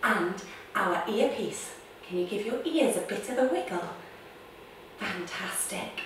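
A woman's voice: medium pitch, lively intonation, unhurried, a little hiss or hum. A woman leading a guided story-time yoga class for children, playful, gasping and making beeping sound effects. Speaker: kids' yoga teacher. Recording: echoey room, distant mic.

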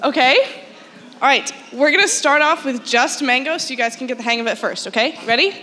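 A young woman leads a crowd through a chanted warm-up in an upbeat, encouraging way. Her voice sits high and sounds bright and clear. The sound rings through a large concert hall with faint music underneath. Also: fairly quick. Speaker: chorus teacher. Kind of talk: leading an audience warm-up at a school concert. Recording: long hall reverb with music behind.

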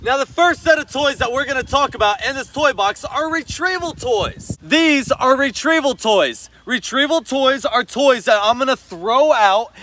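A man with a very high, bright voice talks through dog toys in a casual how-to vlog. He explains cheerfully between short, sharp commands to his dog, outdoors. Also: no room sound. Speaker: dog owner and vlogger.

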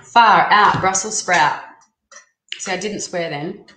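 A woman hosting a casual live-stream tarot reading, chatty and excitable as she reads out viewer comments. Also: fairly low pitch, slow. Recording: echoey room, faint background noise.

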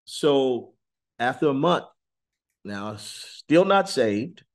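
A man being interviewed sits and delivers earnest, intense testimony with wide swings in pitch. He lingers on important words and suddenly rises in both pitch and volume.

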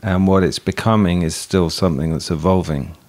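A man in his fifties from England speaks in a very low voice. He talks reflectively and with hesitation, circling back and restarting his thoughts as a guest in an interview. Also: steady tone, a little fast, a little mellow. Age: 50s. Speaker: therapist guest.

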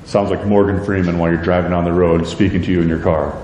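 Male pastor, animated sermon delivery with acted-out quotes, warm voice, echoey sanctuary. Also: sits low, fast talker. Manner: animated, acts out prayers and quotes in a raised voice. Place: church sanctuary. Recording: echoey church hall, faint noise.

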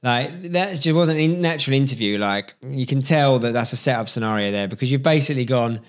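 A man's voice: mid-range voice, animated, a little fast, few pauses. A young man from England, teasing his brother like a stern acting critic in casual chat.

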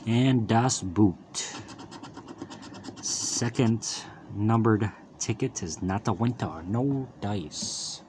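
A man's voice: fairly low pitch, a little mellow, slight background noise. A man hosting his own lottery channel, calling out each symbol with casual running commentary and upbeat wisecracks as he scratches tickets.

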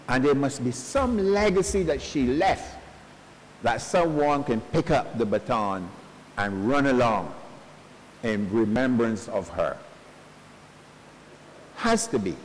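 A male pastor giving a funeral sermon in earnest, slow preaching sprinkled with homespun stories, recorded at a church service. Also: medium pitch, sing-song, slight background noise. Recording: long church reverb.

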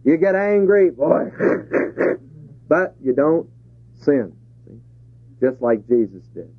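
A man's voice: fairly high pitch, big pitch swings, slow, husky, dry recording. A man preaching a sermon to a congregation, asking rhetorical questions and chuckling between points. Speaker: pastor. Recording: tinny phone-like 1970s tape.

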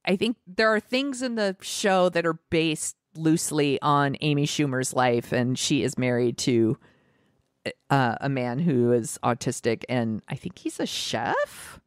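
A woman's voice: sits low, unhurried, dry recording, studio quality. A woman co-hosting a podcast, chatting casually with giggles and many "like" fillers. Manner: rambling, giggly, filler-heavy recommendations. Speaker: podcast co-host. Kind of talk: casual chat.

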